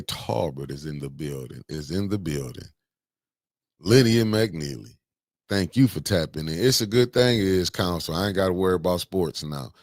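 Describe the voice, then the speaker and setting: A man hosting a casual morning livestream, greeting viewers by name with slangy, animated banter. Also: deep voice, no echo, studio quality. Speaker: livestream host.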